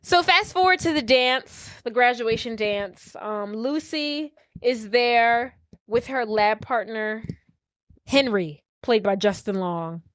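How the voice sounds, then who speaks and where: A woman's voice: on the high side, slow pace, fairly bright tone, dry recording, clean studio sound. A young woman co-hosting a podcast, casually retelling a movie plot and acting out the characters' lines. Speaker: podcast co-host.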